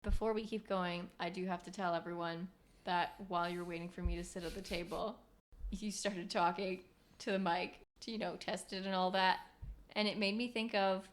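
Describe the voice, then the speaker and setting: A woman's voice: lowish voice, steady tone, normal speed. A woman co-hosting a podcast in teasing, laughing casual chat. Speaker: podcast co-host.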